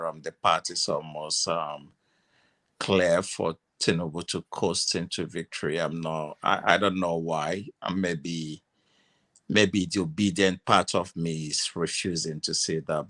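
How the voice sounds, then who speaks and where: Man, lowish voice, hesitant, restarts, casual panel opinion. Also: steady tone, a little slow, sharp tone. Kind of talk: online panel discussion.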